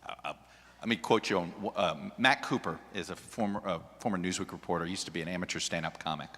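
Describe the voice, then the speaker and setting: Male journalist panelist, animated and restarting often, with a bright voice in a reverberant hall. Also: sits low, fast. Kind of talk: panel discussion. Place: large hall with an audience. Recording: long reverb of a large hall.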